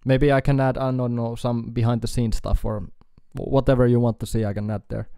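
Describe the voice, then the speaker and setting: Man, Finnish accent, live stream chat, rambling, warm, resonant, dry close sound. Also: mid-range voice, level tone, gravelly, smooth, dry recording. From Finland. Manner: rambling, halting, with fillers and chuckles. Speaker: guitar YouTuber streaming.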